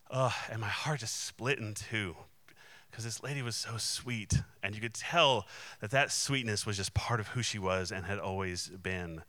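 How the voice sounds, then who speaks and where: A man's voice: lowish voice, fairly even intonation, measured pace, sharp tone, dry recording. A man, a Christian minister, telling a personal testimony in an earnest, candid and emotionally open way. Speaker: Christian minister and conference speaker.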